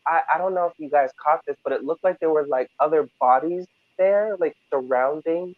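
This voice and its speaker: A man co-hosting a casual review discussion, animated and hesitant, with many fillers. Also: a little high, a little fast, dry recording. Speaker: podcast co-host. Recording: tinny, dry phone-like line.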